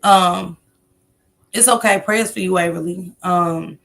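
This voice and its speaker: A woman's voice: fairly low pitch, slow pace, vocal fry, fairly bright tone. A woman hosting a casual livestream, greeting viewers by name and rambling loosely between comments. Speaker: livestream host.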